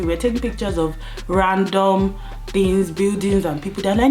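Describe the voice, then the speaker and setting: A young Nigerian woman with a Nigerian accent tells a story to camera in a casual, animated way, mimicking other people's voices as she goes. Faint music plays softly in the background. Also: moderate pace. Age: young adult. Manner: animated, acts out police voices in higher pitch. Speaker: vlogger.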